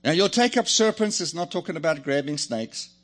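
A man's voice: on the high side, fairly quick. A man preaching a sermon, joking and calling on the congregation to answer back. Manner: lively, joking, calls on the congregation. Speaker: pastor.

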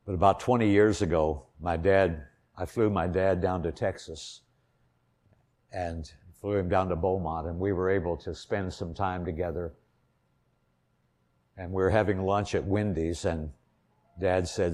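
An older man from Indiana preaching an earnest sermon, telling a personal story and swelling louder on key points. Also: low-pitched, steady tone, a little slow.

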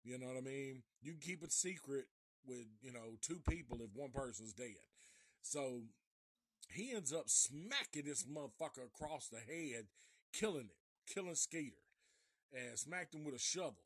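A man casually reviewing a horror film live, retelling the plot in a profane, animated way. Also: mid-range voice, normal speed, breathy edge, no echo, clean studio sound. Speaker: movie reviewer.

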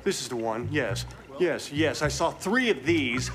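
An actor delivers a brash, sarcastic action-film hero with a wry, scornful edge. His pitch rises and falls in lively swings. A clear film score plays underneath him. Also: unhurried, music in the background, close to an everyday voice. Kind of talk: film dialogue.

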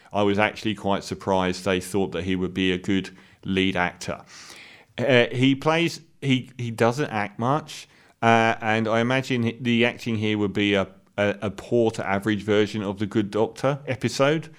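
A man giving a casual, opinionated spoken film review, candid and blunt, pausing on fillers and restarting sentences as he talks. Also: lowish voice, clear, resonant tone.

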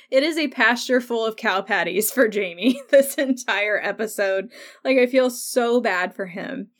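A woman's voice: mid-range voice, fairly bright tone. A young woman talks through a TV episode on her podcast, taking her time with each thought. She is casual and chatty, laughing often between points. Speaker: podcast host. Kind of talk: casual show recap.

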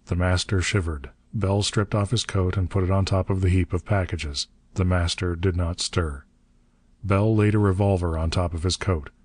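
A man narrating a story in a steady, measured reading. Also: sits low. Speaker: audiobook narrator. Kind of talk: scripted narration.

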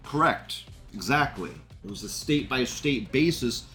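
A man's voice: medium pitch, animated, moderate pace, a bit bright, faint music behind. A man hosting a live stream, reading chat comments aloud and commenting in a rambling, indignant way, swearing and laughing often.

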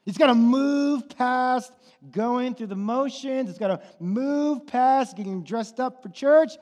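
Male pastor, high voice, fiery sermon, long reverb of a church hall. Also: slow pace, few pauses. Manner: impassioned, swings from hushed to near-shouting.

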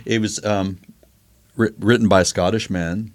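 A man co-hosting a casual podcast, hesitant and halting, then warming into enthusiastic chatter. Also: lowish voice, steady tone. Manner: hesitant, many restarts and fillers, then bursts of laughing enthusiasm. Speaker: podcast co-host.

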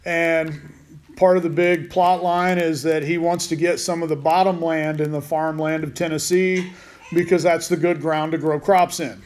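A man's voice: a little high, darkish tone. A man teaching a Bible study in a casual way, with rambling, joking asides.

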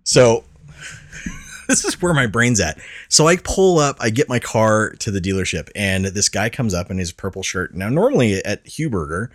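A man's voice: lowish voice, sing-song, moderate pace, no room sound, studio quality. A man hosting a podcast, telling stories in a rambling way and laughing at himself often. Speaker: podcast host. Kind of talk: casual chat.

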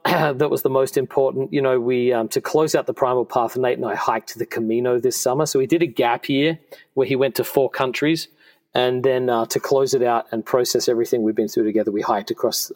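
An earnest man in his forties speaks as a podcast guest, sharing personal stories with heartfelt sincerity. His voice sits at an ordinary middle pitch, and his phrases often stop and start again mid-thought. He sounds conversational rather than scripted. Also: darkish tone. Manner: earnest and heartfelt, with frequent restarts. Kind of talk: conversational storytelling. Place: podcast studio.

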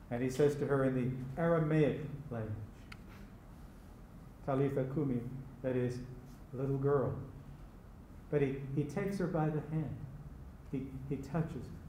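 A man preaching a sermon as pastor, slow and emphatic, repeating key phrases. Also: mid-range voice, mellow, a little hiss or hum. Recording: echoey room with faint ambience.

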